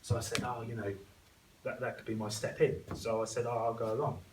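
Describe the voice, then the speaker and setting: A young guest speaker in a school hall gives a chatty, self-deprecating speech, acting out what others said, in a flat, brisk, mid-range voice. The audio is echoey and distant, with background noise.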